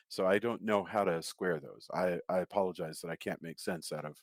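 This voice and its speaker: A man's voice: fairly low pitch, a little fast, few pauses, dry recording. A man hosting a podcast in casual chat, playful and apologetic.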